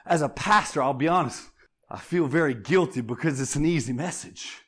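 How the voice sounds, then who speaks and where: Fervent preacher, fairly high voice. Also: male voice, normal speed, husky. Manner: call-and-response preaching, rising to fervent shouts. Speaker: pastor. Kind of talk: sermon.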